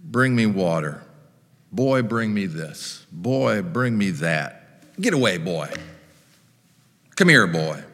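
A man's voice: on the low side, big pitch swings, slow pace, pauses often, a little hiss or hum, pitched below the performer's own voice, exaggerated voice. A man voicing a rich old man with a Southern accent, hollering demands for water from hell. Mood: commanding. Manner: loud, demanding, bossy. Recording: long hall reverb.

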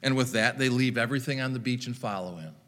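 A man's voice: mid-range voice, fast talker, fairly bright tone, in a large hall. A man preaching a sermon as pastor, retelling scripture with wry, dry humor.

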